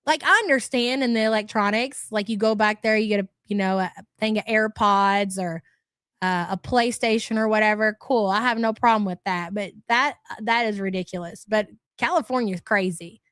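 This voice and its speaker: A woman's voice: mid-range voice, normal speed, fairly bright tone, no room sound. Blunt, swearing woman ranting, dry close mic. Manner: blunt, profane, exasperated ranting; laughs often. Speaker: livestream host reading chat. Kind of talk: casual livestream rant.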